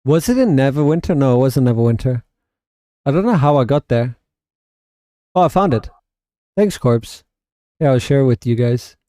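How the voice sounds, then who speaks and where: A man's voice: mid-range voice, expressive, normal speed, long pauses, warm tone, dry recording, studio quality. A South African man hosting a casual game livestream, rambling and answering his chat. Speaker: livestream host and gamer.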